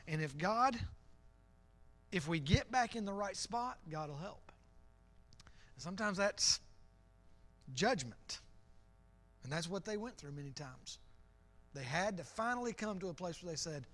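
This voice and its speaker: A middle-aged male pastor gives an evening sermon in church. His voice sits high for a man, and he talks to the room in an earnest, conversational way, often repeating phrases for weight. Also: animated, measured pace, pauses often, a bit bright.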